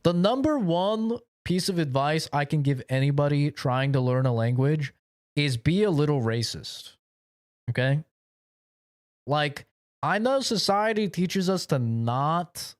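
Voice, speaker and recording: A man's voice: fairly high pitch, unhurried, smooth, no echo, studio quality. A young man streaming a game, chatting casually in a crude, joking, ranting way. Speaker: gaming streamer. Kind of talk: casual live-stream chat.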